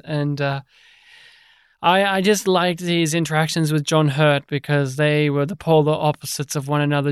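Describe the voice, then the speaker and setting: A podcast co-host chatting casually about films, animated and jokey, with a habit of slipping into mock impressions. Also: medium pitch, smooth, no echo, clean studio sound. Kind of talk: casual chat.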